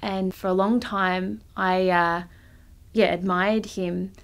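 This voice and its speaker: A woman's voice: mid-range voice, fairly even intonation, slow pace. Hesitant young woman recalling. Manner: hesitant, shy, many fillers and restarts. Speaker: interviewee. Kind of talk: documentary recollection.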